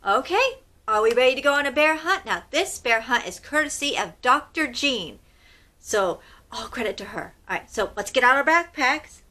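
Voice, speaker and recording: A woman's voice: sits high, animated, normal speed, sharp tone. A woman hosting children's storytime, reading aloud expressively in a sing-song way and asking the kids questions. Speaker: storytime host.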